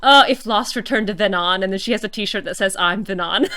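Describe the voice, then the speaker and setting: A woman's voice: medium pitch, a little fast, few pauses, sharp tone, smooth, dry recording. A woman giving casual commentary while playing a video game, often breaking into long laughing fits. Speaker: gaming streamer.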